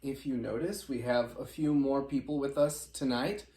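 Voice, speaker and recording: A man's voice: medium pitch, moderate pace, dark tone. A man hosting a casual family podcast as the father, joking and often laughing as he asks his sons questions. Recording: roomy echo.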